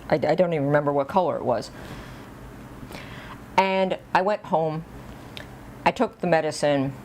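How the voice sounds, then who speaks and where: A woman's voice: sits low, slight background noise. A woman vlogger telling a personal story in a casual, rambling, self-deprecating way, with little chuckles.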